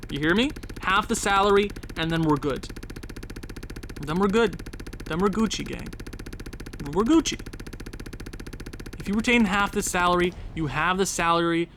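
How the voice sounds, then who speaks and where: A young Canadian man, a gaming video creator, rambles casually about a game, talking to himself with jokey asides. His voice is high-pitched, bright, and forceful, with slight background noise.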